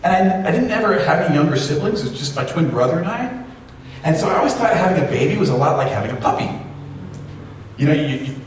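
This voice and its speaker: A man in his forties preaching a sermon, telling a family story with self-deprecating humor. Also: medium pitch. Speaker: pastor. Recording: very echoey hall, distant mic, faint noise.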